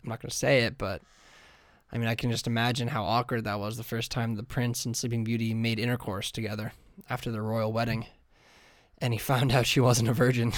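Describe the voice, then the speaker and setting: A man hosting a podcast, rambling through a crude comedic monologue in a deadpan way, with sudden silly voices. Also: medium pitch, a little fast, no echo, studio quality. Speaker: podcast host.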